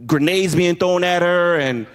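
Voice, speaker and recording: A man doing a stand-up comedy set, telling animated stories and shouting out impressions. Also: high-pitched, a little slow, clear, resonant tone, big-room sound. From New York. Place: comedy club stage with a live audience. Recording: crowd laughter and room noise.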